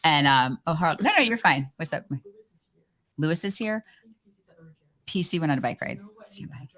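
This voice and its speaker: A woman chatting on a live stream as a guest, telling rambling, animated stories from her time as a contestant. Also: low voice, normal speed. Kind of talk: casual chat on a live stream.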